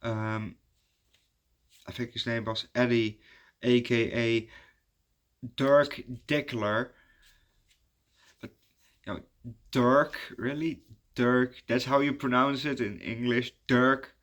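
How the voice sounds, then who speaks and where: Male movie reviewer at a mid pitch, chatting loosely and hesitantly with frequent ums and restarts. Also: fairly even intonation, slow pace, long pauses. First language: Dutch. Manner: rambling and hesitant, many fillers and restarts. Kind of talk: casual spoken movie review.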